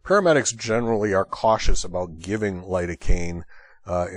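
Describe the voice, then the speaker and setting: The man leading this EMS training lecture talks through a call casually at a moderate pace, filling his thinking-aloud with fillers. His voice is low-pitched and the sound is dry.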